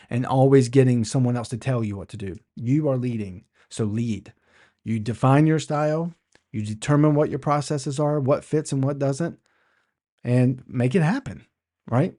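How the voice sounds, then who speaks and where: A man's voice: mid-range voice, normal speed, dark tone. A man hosting an instructional podcast, teaching in a conversational way, asking rhetorical questions and often restarting his phrases. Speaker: podcast host.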